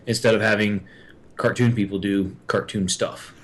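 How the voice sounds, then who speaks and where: A man's voice: fairly low pitch, steady tone, normal speed, a bit bright. A man from Texas, a guest on a podcast, talking casually in a rambling, crude way full of fillers.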